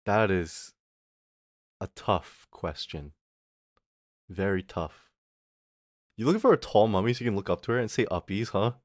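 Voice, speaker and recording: A man's voice: fairly low pitch, expressive, moderate pace, pauses often, no echo, studio quality. A young man rambling casually on a livestream, swearing and laughing often as he chats. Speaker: streamer.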